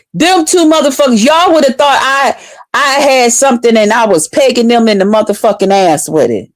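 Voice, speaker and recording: Woman, higher voice, animated, profane, casual storytelling, dry close sound. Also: normal speed, no room sound. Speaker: vlogger.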